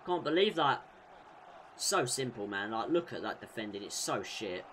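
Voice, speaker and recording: A young man commentating on his own football video game, bursting into loud shouts at goals and sinking into muttered frustration in between. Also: mid-range voice, big pitch swings, moderate pace, a little hiss or hum. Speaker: gaming YouTuber. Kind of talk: excitable gameplay commentary.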